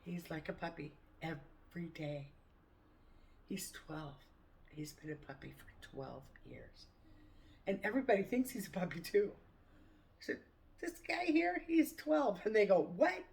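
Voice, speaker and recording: A woman's voice: on the low side, animated, a little slow, vocal fry, pauses often, a little mellow. Rambling, chatty woman vlogger. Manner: rambling, chatty, laughs often. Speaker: cooking vlogger. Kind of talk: casual morning chat to camera.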